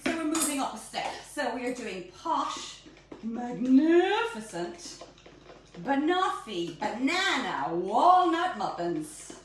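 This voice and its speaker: A woman's voice: high-pitched, sing-song, unhurried, hardly any pauses, fairly bright tone. A woman hosting her own baking show, chatting playfully through a recipe and often tripping over her words. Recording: very echoey room, mic at a distance, faint noise.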